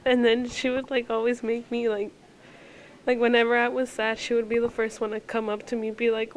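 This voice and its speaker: A woman's voice: fairly high pitch, little pitch movement, brisk. A teenage girl telling rambling memories of a friend at a memorial, full of "like" and fillers. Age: teens. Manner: rambling, lots of "like", anecdotal. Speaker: classmate sharing a memory. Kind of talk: memorial tribute.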